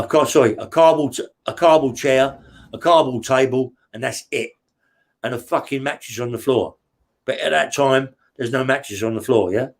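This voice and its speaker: A man's voice: mid-range voice, husky. Blunt, profane man telling stories. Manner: blunt and profane, tags lines with "yeah?"; rambling and vivid, full of restarts and sound words. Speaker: interview guest. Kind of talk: casual true-crime storytelling.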